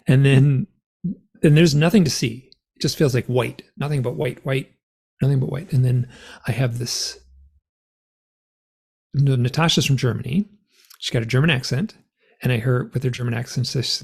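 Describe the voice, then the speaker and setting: Gravelly, husky man telling a story. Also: mid-range voice, normal speed, pauses often. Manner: animated, rambling, filler-heavy. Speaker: guest author and experiencer. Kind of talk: conversational storytelling.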